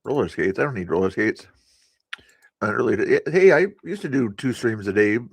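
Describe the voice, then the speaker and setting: Low, dry-voiced man rambling on stream. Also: expressive, fairly quick, creaky, slightly rough, dry recording. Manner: rambling, with frequent fillers and chuckles. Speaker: live streamer hosting political commentary. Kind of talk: casual live-stream commentary.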